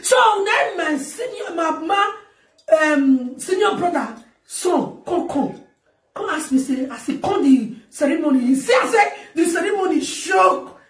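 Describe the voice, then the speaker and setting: A woman with a Nigerian accent delivering a loud, laughing, shouting rant as a talk show host. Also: extremely high pitch, expressive, a little slow. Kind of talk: ranting monologue. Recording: echoey, far from the mic.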